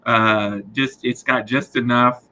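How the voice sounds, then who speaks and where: Male co-host, mid pitch, bright forceful tone, enthusiastic casual chat. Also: steady tone, takes it slowly, rough recording. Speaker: podcast co-host.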